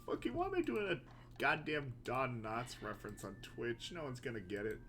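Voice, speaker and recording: A woman's voice: a bass voice, big pitch swings, normal speed, a bit bright, a little hiss or hum. A woman co-hosting a game stream, throwing in sardonic quips and swearing casually. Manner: sardonic quips, frequent laughter. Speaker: stream co-host. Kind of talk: casual chat with heavy joking and swearing.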